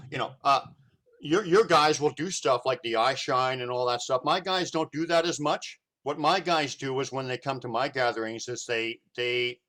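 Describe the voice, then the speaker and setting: A man's voice: medium pitch, a bit bright. A man hosting a casual interview show, talking loosely and filling his sentences with "you know" and "whatever". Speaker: show host.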